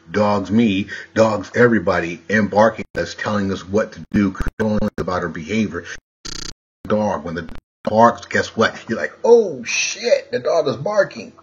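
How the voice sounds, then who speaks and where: Husky low-voiced guy preaching slow, lo-fi sound, lots of rhetorical questions. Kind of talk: rambling wordplay monologue.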